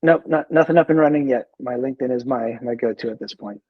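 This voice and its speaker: A man who is a veteran in recovery, a guest in a casual interview, talking in a halting, easygoing way with many repeated words. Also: mid-range voice, husky, dry recording, phone-quality sound.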